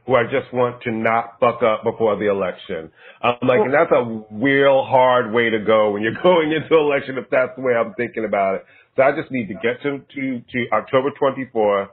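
A man co-hosting a podcast in casual chat, blunt and fed up, swearing casually. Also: mid-range voice. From United States. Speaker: podcast co-host. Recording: tinny phone-like line.

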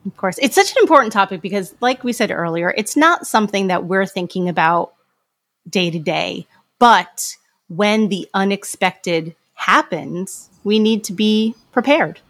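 A woman's voice: mid-range voice, animated, a little slow, fairly bright tone, dry recording, studio quality. A woman hosting a podcast, asking questions and closing the show in an upbeat, playful way. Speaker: podcast host. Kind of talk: podcast interview and outro.

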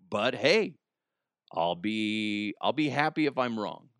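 A man's voice: fairly low pitch, lively intonation, slow pace, fairly bright tone, clear, resonant tone, no room sound, studio quality. A man hosting a podcast, rambling through a casual comedic monologue and laughing at his own jokes. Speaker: podcast host.

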